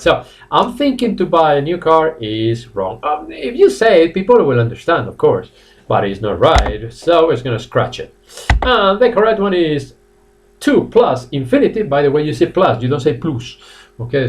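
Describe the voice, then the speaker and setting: Spanish-accented guy teaching english live, super lively pitch, kinda far from the mic. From Spain. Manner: animated, laughs often, addresses viewers by name. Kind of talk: live online English lesson. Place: classroom.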